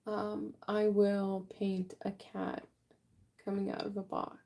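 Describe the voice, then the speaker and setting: Slow, gravelly young woman chatting on stream. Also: medium pitch. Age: late 20s. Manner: relaxed, chatty, yawning often, answers chat. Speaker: livestream artist. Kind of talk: casual chat with viewers while painting. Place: art room at home.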